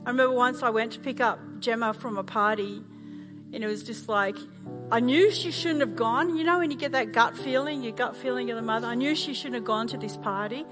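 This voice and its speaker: A middle-aged Australian woman pastor preaching a sermon, telling animated stories with self-mocking humor. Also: a little high, fairly quick. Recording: music playing underneath.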